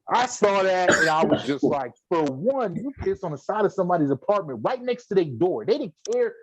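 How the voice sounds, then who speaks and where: Animated profane man telling a story. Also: high voice, brisk, breathy edge, lo-fi sound. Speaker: podcast co-host. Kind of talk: casual chat.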